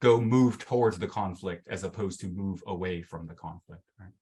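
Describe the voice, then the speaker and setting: A low, dark-toned male voice at normal speed belongs to a mental fitness coach teaching a group workshop over video call. He chats casually, with lots of fillers, dramatizing inner voices.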